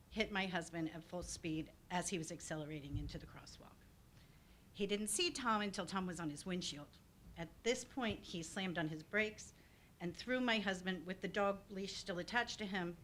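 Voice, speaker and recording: Woman, low-pitched, earnest, shaken testimony, faint rumble behind. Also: fairly bright tone. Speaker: neighborhood association vice chair. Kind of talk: public comment at town meeting.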